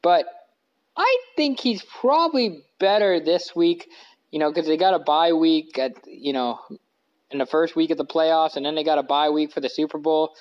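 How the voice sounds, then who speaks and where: On his couch in the living room, a sports podcast host chats casually at normal speed, wandering off topic, fixing his own words and filling gaps with fillers. His voice is fairly high and the audio sounds dull.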